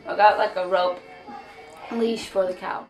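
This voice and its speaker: A woman's voice: medium pitch, steady tone, a little slow, darkish tone, roomy sound, soft background music, poor audio. A young woman telling a history story in a casual, slangy, joking way. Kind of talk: comic storytelling narration.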